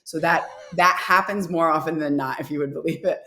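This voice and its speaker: Woman guest, low voice, talkative and laughing, in an echoey room; casual interview chat. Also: brisk, bright, forceful tone. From Rhode Island. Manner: chatty, laughs often. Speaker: guest, travel and food influencer.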